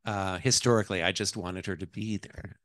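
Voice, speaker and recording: A man, an author, talking about his book in a bookshop conversation, in an animated, chatty way with many restarts. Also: sits low, fairly quick, no echo.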